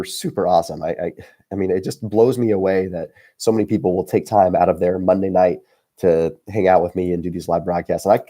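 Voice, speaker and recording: A man's voice: sits low, dark tone. A man hosting his own live stream, talking to viewers in a rambling, earnest, filler-heavy way. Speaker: channel host. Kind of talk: casual live-stream chat.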